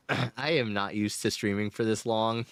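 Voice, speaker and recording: A man streaming a game and chatting casually, his voice strained and hoarse, laughing often and swearing. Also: fairly low pitch, slight background noise.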